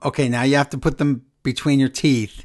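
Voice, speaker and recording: A man's voice: medium pitch, fairly even intonation, fairly quick, darkish tone. A man co-hosting a podcast in casual chat, talking into a studio microphone and bossily teasing his co-host with instructions. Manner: teasing, bossy in giving instructions.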